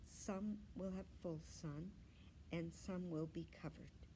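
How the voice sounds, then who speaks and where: Shy quiet schoolgirl read by a woman, soft and hushed, slow. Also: lowish voice, steady tone, a little hiss or hum.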